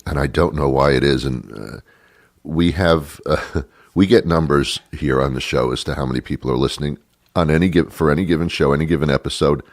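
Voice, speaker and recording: Deep-voiced sarcastic male podcast host. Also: no echo, studio quality. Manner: sarcastic, profane, laughing asides. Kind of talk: casual comedic monologue.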